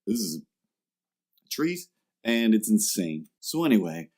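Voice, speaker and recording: A low-pitched man hosting a chatty podcast. He tells his story with comic energy and slips into playful voices for the people he quotes. His delivery stays loose, quick and jokey. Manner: animated, acts out quoted customers in jumpy voices. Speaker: podcast host. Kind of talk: comedic storytelling chat.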